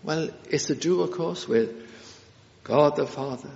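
A man's voice: on the high side, a little slow, vocal fry, darkish tone. A man preaches an earnest expository sermon, returning to key phrases again and again. He hesitates often with filler sounds between points. The recording is dull and lo-fi, with long reverb from a church hall.

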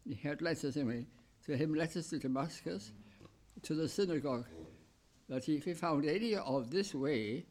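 A man preaching a sermon, reading scripture aloud in short, deliberate phrases and explaining it, with the odd cough and throat clear. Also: fairly high pitch, lively intonation, a little mellow, slight background noise. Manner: slow, deliberate, pausing between short phrases.

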